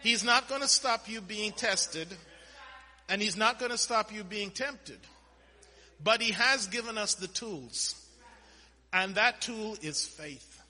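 High, bright-toned preacher man in a big hall. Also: slow pace. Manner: animated preaching with sudden loud bursts and quoted scripture. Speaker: pastor. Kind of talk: sermon. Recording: long hall reverb.

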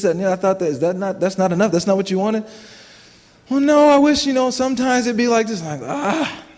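A man's voice: on the high side, a little mellow. A man in his thirties giving a personal testimony in church, conversational and self-deprecating, laughing often and restarting his sentences. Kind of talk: sermon testimony. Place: church hall. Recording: long hall reverb.

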